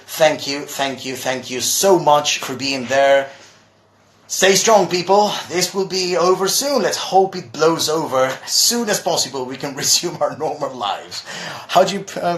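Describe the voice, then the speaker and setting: A chatty man teaching English live from home, answering viewers as he goes. His voice sits at an ordinary pitch and carries the echo of a bare room. A faint hum of background noise runs underneath. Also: fairly bright tone. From Argentina. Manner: chatty, reads viewer questions aloud. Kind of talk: live-streamed lesson.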